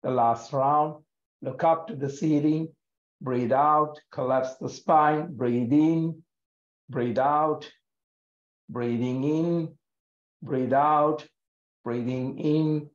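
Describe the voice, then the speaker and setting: A man guiding a yoga breathing practice in a gentle, calm and soothing way, with many pauses. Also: fairly high pitch. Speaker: yoga teacher. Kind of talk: guided yoga breathing instruction. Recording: echoey room, dull lo-fi sound.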